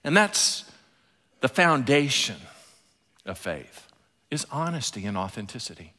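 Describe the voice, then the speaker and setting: A man preaching a sermon, telling stories and dropping into soft, intimate asides. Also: medium pitch, a little slow. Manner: animated storytelling preacher, drops to soft asides. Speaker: pastor. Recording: long hall reverb.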